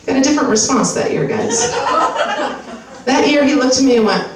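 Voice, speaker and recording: High-pitched, fast-talking and lively, a woman in her 30s with an American accent does a pushy skincare-advertiser voice during her stand-up set. Her storytelling is brash, profane and conversational; the recording is distant and echoey, picked up in a live venue with audience noise.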